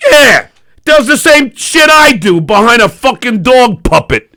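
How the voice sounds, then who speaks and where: A middle-aged man, a comedian guest, ranting with loud, profane sarcasm that swings between shouting and mumbling. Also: very high voice, sing-song, unhurried, no echo, clean studio sound. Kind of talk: profane political rant and casual chat.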